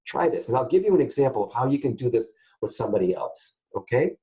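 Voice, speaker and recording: Animated man teaching to camera. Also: medium pitch, fast, low-quality recording. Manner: animated, keeps checking in with "guys, okay?". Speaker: psychic medium teaching students.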